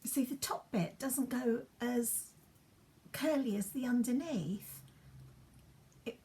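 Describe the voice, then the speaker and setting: A woman chats in a rambling way as she styles her hair for a get-ready-with-me vlog at home, dropping into soft asides. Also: on the high side, slow. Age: 50s. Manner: chatty, rambling, drops into soft asides while working. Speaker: beauty vlogger.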